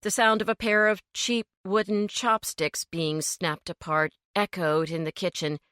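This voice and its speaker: Bright, expressive woman audiobook narrator. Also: fairly low pitch, unhurried, clean tone, no room sound, studio quality. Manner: expressive storytelling. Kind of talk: scripted narration.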